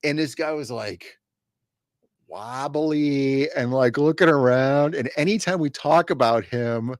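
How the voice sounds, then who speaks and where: A man's voice: mid-range voice, takes it slowly, no echo. A man chatting casually on a comics show, drifting into stories from the office. His voice sits in a middle register. The recording is dry and close. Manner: storytelling, mimics drunk voices in anecdotes. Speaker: co-host of comics channel. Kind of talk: casual chat.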